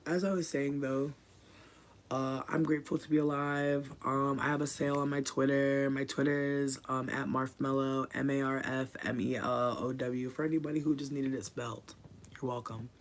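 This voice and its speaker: A livestreamer chatting casually from a room at home, rambling and swearing, swinging between quiet mutters and loud bursts. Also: medium pitch, little pitch movement, normal speed, a little hiss or hum.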